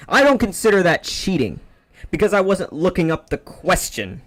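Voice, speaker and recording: A man's voice: on the high side, big pitch swings, moderate pace, fairly bright tone. A man ranting animatedly about a grievance while gaming, with frequent swearing. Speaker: streamer.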